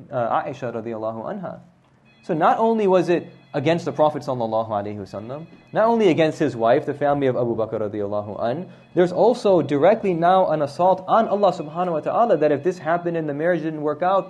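Male teacher with a slightly raised pitch, relaxed storyteller, keeps the lesson chatty and engaging. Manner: conversational, often adds "right?" to check with listeners. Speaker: religious teacher.

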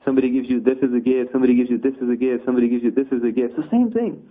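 A man's voice: medium pitch, racing. A man teaching a conversational religious lesson, explaining with rhetorical asides. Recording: tinny phone-like audio.

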